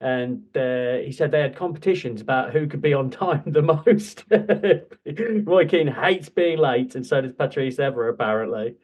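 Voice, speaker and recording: A man chats as a podcast co-host, storytelling in a loose, animated way. He laughs often and drops the odd swear word. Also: medium pitch, measured pace, highs cut off. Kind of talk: casual chat.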